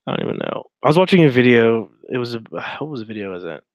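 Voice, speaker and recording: A man's voice: medium pitch, very animated, quick pace, dry recording, highs cut off. A man giving casual, sarcastic commentary as he reads chat logs aloud, rambling with lots of fillers. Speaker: streamer reading and mocking chat logs.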